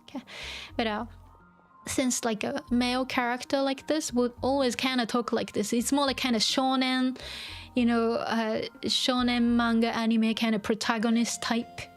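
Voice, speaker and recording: A woman teaching a language while streaming a video game, thinking aloud and explaining step by step with lots of fillers. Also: on the high side. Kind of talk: live-streamed gaming lesson.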